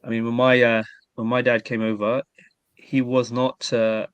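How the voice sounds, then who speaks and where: A man's voice: mid-range voice, level tone, normal speed, clear, resonant tone, dry recording, muffled recording. Man telling stories dryly. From East London. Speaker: guest. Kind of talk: casual chat.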